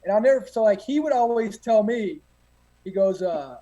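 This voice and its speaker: A man's voice: high-pitched, lively intonation, normal speed, dark tone, muffled recording. A man, a guest telling boot camp stories in a rambling, profane way with many fillers. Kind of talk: casual storytelling.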